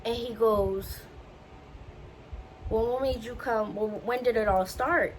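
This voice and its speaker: A woman's voice: on the high side, slow, a little hiss or hum, low-quality recording. Chatty young woman telling a story. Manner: chatty, animated, acts out quotes. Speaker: vlogger. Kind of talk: casual storytelling.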